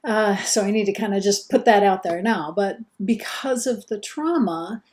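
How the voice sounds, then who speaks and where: Mellow middle-aged woman teaching earnestly. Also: medium pitch, normal speed. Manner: earnest, conversational, self-correcting. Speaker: instructor. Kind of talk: recorded course lecture.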